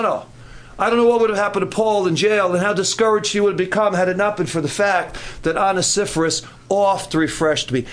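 An older man giving a sermon at a youth camp, animated and joking, with quoted asides. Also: high voice. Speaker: camp speaker.

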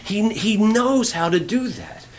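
A man's voice: high-pitched, sing-song, takes it slowly, slight background noise. A male pastor giving a conversational, playful sermon, asking the congregation questions.

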